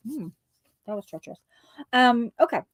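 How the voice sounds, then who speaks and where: A woman's voice: on the high side, expressive, normal speed, no echo. Chatty woman rambling through crafts. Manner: chatty, rambling, lots of ums and asides to viewers. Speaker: craft livestream co-host. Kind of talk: casual craft chat.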